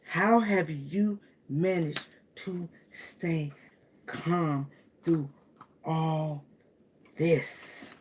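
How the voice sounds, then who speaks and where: A woman's voice: deep voice, fairly even intonation, drawn-out words, long pauses, a little mellow, a little hiss or hum. A woman with giving a casual tarot reading. She speaks with emotion, laughs often and repeats phrases. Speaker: tarot reader.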